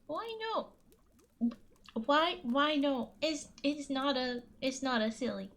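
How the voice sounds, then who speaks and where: Woman streamer, high-pitched, nervous, giggly, repeats herself, casual chat. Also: measured pace, fairly bright tone. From US Midwest. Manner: anxious, laughing often, repeating and pleading. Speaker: streamer reading folktales.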